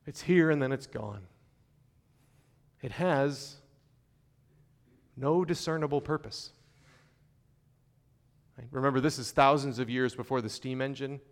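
A man delivers a sermon to his congregation in a mid-pitched voice. He talks in a conversational, measured way, with fillers and restarts. He slows down to stress key phrases. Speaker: pastor.

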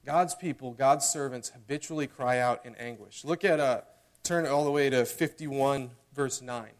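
A man's voice: medium pitch, moderate pace. A young man preaching a sermon in a casual, earnest way, often checking in with "okay?" and "right?", and reading scripture and mock prayers dramatically.

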